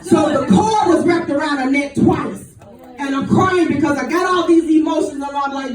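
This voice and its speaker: A woman preaching a fiery sermon in a sing-song cadence, shouting her points while a congregation answers. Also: sits high, normal speed, crowd noise. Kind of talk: fiery call-and-response sermon. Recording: echoey church hall, distant mic. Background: church music and responding congregation.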